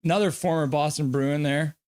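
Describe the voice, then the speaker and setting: A man's voice: fairly high pitch, steady tone, a little fast, a little mellow, clear, resonant tone. A man hosting a live stream. He reads viewer comments aloud, gives loose play-by-play, and coos at his dog. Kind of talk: casual live game reaction and chat reading.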